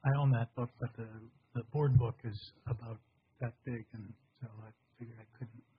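An older pastor preaching a sermon in a halting, conversational way. His voice is husky and breathy, and the recording sounds dull and lo-fi. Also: mid-range voice, flat delivery.

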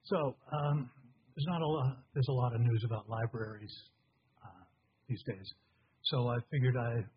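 An older man preaching a sermon as a pastor, in a halting, conversational way with a husky voice. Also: medium pitch. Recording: dull lo-fi recording.

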